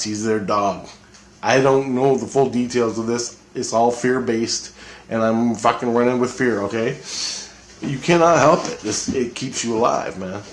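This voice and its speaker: A man's voice: medium pitch, a little hiss or hum. Intense, swearing man in an echoey room. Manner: profane, intense, repetitive storytelling. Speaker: storyteller recounting an experience. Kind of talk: casual spoken monologue.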